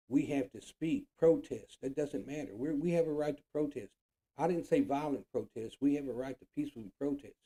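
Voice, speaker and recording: A man from the United States with a very dark, mellow voice at an ordinary pitch rants about politics on his own show. He is blunt, frustrated and heavily profane, and he hammers his points home by repeating them. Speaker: show host. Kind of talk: political rant monologue.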